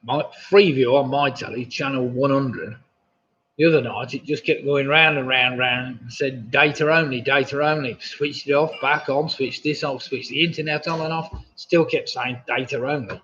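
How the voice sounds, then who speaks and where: A man's voice: medium pitch, normal speed, fairly bright tone, slight background noise. A man hosting a live pub quiz, reading questions with chatty, jokey asides. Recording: dull lo-fi stream audio.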